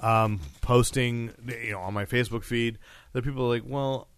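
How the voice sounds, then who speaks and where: A chatty man co-hosting a pop-culture podcast, rambling through his thoughts with plenty of ums and restarts. His voice sits at an ordinary middle pitch, recorded close and dry with no room sound. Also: normal speed, clean tone, no room sound. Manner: rambling, animated, lots of fillers and restarts. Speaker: podcast co-host. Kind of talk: casual chat about TV shows.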